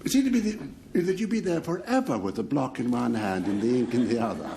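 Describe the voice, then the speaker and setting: A man captaining a team on a panel game, talking in a hesitant, halting way that repeats itself. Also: medium pitch, lively intonation, vocal fry, noisy background. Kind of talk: jokey panel banter.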